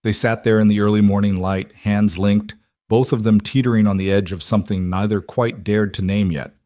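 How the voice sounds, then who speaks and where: A man narrating a romance story in a measured, even way. His voice sits low, and the recording is close and dry, with no room sound. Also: no room sound. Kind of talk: scripted narration.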